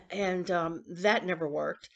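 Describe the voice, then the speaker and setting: A woman in her sixties rambling and confiding in a casual personal vlog, with coughs and throat-clearing. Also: lowish voice, takes it slowly, a bit bright. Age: 60s. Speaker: vlogger.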